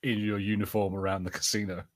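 A man's voice: lowish voice, flat delivery, fast, no room sound, clean studio sound. A young man with a Northern English accent, co-hosting a podcast in casual chat, full of fillers and restarts. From Northern England. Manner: chatty, lots of fillers and restarts. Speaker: podcast co-host.

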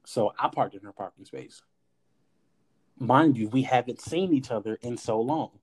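A man in casual podcast chat, telling a personal story with animated energy. He acts out the lines people said to him and drops the odd curse word. His voice sits at an ordinary middle pitch. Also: moderate pace. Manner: animated storyteller, acts out quoted dialogue, swears. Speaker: podcast host.

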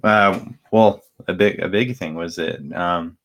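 A young man with a very deep voice talks through his week on a podcast. He rambles loosely, circling back with fillers and restarts. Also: steady tone, a little slow, fairly bright tone. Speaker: podcast co-host. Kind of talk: casual chat.

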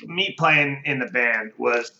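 A man chatting casually in a relaxed, joking way, often poking fun at himself. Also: mid-range voice, slow. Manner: joking, self-mocking, relaxed. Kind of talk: casual chat. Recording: echoey lo-fi room with faint noise.

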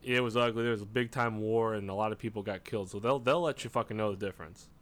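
A man's voice: lowish voice, steady tone, quick pace, a bit bright. An American man co-hosting a podcast, rambling in casual chat with lots of filler words. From United States.

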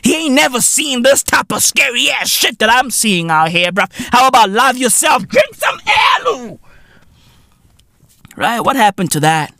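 A man with a South African accent, hosting a comedy show, delivering a profane, animated rant in heavy slang with shouted bursts. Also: extremely high pitch, normal speed, vocal fry, few pauses, no room sound, studio quality. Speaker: comedy podcast host.

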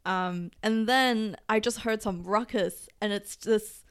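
Giggly young woman, smooth clear voice. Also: medium pitch, takes it slowly. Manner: giggly, rambling storyteller with many fillers. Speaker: podcast co-host. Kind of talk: casual chat.

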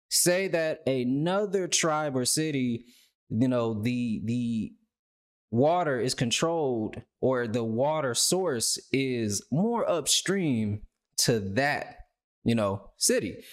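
Rambling, profane male podcast host. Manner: rambling, profane, repeats words, voices imagined people with a raised pitch. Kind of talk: casual commentary.

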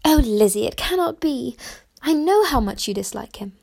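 A gentle, earnest young elder sister, put on by a woman reading aloud. She speaks softly and pleadingly in a raised, light voice with a touch of vocal fry. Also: sits high, expressive, moderate pace, voice pushed up, full character voice. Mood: incredulous.

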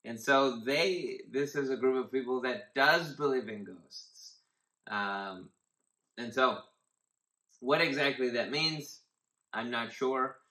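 Slow, bright-voiced pastor in a roomy echo. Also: male voice, medium pitch. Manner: conversational, rambling with fillers and restarts. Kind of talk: casual devotional Bible teaching.

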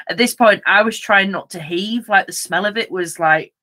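A woman co-hosting a podcast, telling a story in lively casual chat, acting out voices, laughing and swearing. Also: medium pitch, moderate pace. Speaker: podcast co-host.

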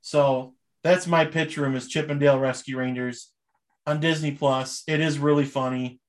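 A man's voice: medium pitch, fairly even intonation, normal speed. A young man chatting casually as a podcast host, rambling and enthusiastic with many fillers. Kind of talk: casual chat.

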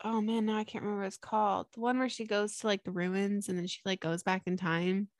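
A woman's voice: mid-range voice, flat delivery, fast, dry recording. A young woman chatting casually on a podcast, bubbly and rambling with lots of fillers. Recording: dry close mic.

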